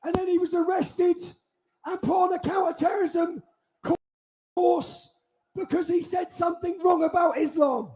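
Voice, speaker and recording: A man giving a forceful, indignant speech to a crowd at an outdoor street rally. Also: very high-pitched, steady tone. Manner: forceful, indignant, drawn-out delivery. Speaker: rally speaker.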